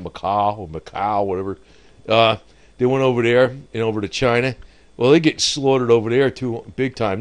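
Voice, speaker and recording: Rambling man chuckling through market talk. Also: medium pitch. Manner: rambling, laughs at his own jokes. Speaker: market commentator. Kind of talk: off-the-cuff market commentary.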